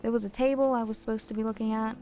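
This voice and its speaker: A woman's voice: fairly high pitch, fairly even intonation, racing, warm tone, faint music behind. Chatty young woman streamer. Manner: chatty, rambling, talks to chat. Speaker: game streamer. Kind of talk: casual gameplay chat.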